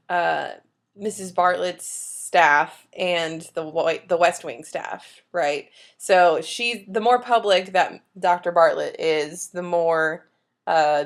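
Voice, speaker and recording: A woman co-hosting a podcast, chatting casually and recapping an episode with playful jokes. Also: fairly low pitch. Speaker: podcast co-host.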